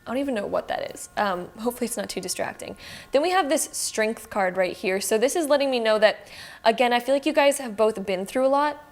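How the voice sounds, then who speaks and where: A woman's voice: a little high, expressive, brisk. A young adult woman from Canada with a Canadian accent, giving a rambling, reassuring tarot card reading to her viewers. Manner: rambling, reassuring, many fillers. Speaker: tarot reader. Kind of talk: casual tarot reading to camera.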